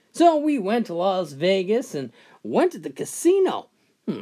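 A man's voice: high voice, a little slow. Man telling jokes with a swooping voice. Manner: animated, swooping storyteller delivery. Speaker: joke teller. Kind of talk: storytelling joke narration.

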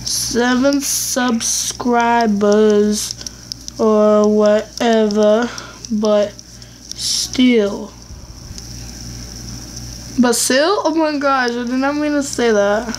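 A woman's voice: on the high side, steady tone, drawn-out words, long pauses, darkish tone, slight background noise, rough recording. A woman giving casual gameplay commentary for her channel, rambling and blunt as she talks to herself. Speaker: gaming YouTuber.

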